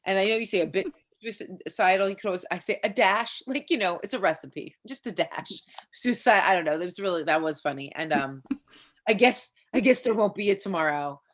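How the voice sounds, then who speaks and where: A woman's voice: lowish voice, animated, normal speed, fairly bright tone. A woman giving casual spoken feedback to a comedian on a video call, rambling, chatty and laughing often, with many fillers. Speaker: comedy workshop feedback giver.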